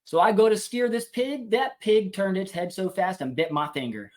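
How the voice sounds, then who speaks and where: A man, a homesteader guest on a podcast, telling a funny animal story in a casual, animated, self-deprecating way. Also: high-pitched, moderate pace.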